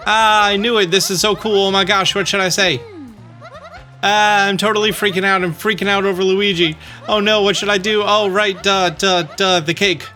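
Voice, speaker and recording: A man's voice: sits high, fairly even intonation, normal speed, pushed and bright, soft background music. A man reading the lines of a giddy young woman fan who gushes and chatters breathlessly. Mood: gushing.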